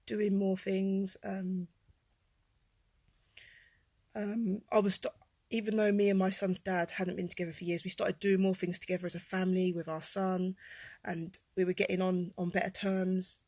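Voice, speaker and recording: Woman vlogger, gravelly husky tone, rambling personal story, dry close sound. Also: little pitch movement, moderate pace, no room sound. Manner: rambling, with many fillers and restarts; swings from low and quiet to loud and high-pitched. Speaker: vlogger telling her life story.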